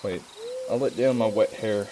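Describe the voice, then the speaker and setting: A man's voice: on the low side, normal speed, noisy background, close to an everyday voice. A man putting on a drawling American cowboy. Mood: playful. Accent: put-on American Southern.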